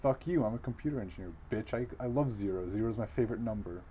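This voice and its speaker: Brief: male co-host, dry blunt humor, mellow dark low voice, faint background hum. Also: quick pace. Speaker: podcast co-host. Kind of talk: casual chat.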